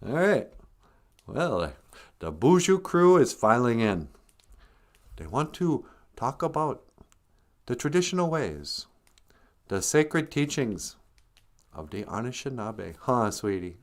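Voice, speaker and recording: Greeting his viewers, this older livestream host spins joking stories and chuckles frequently. His medium-pitched voice is very animated, though his pace is slow and broken by long pauses.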